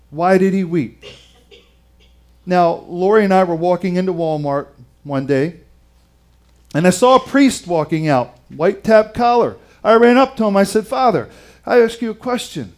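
Male pastor, high-pitched, dramatic sermon delivery with hushed emphasis. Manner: dramatic dynamics, dropping to hushed tones for emphasis; asks the audience questions.

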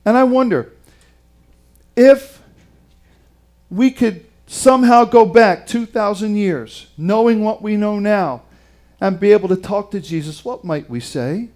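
A man preaches in a high voice at an unhurried pace. He reads scripture aloud and retells it dramatically, his delivery swinging from quiet to loud for emphasis. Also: animated. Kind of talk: sermon.

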